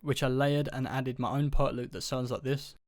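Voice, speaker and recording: A man casually talking through how he built a beat step by step, in a relaxed, offhand tutorial voice-over. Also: mid-range voice, normal speed, a little hiss or hum. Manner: relaxed, offhand, loose run-on steps. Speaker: beat producer explaining his process. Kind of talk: casual screen-recorded production tutorial.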